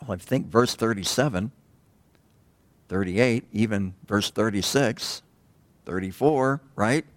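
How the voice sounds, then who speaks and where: A man preaching a sermon in a conversational way, pausing often and asking the congregation rhetorical questions. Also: on the low side, dry recording. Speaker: pastor.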